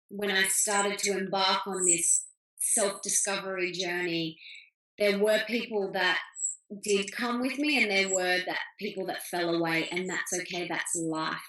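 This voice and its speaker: A woman's voice: fairly low pitch, pushed and bright. A woman, an author answering interview questions over a video call, talking with enthusiasm and acting out things her family said. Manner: enthusiastic, acts out family quotes. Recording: roomy video call audio.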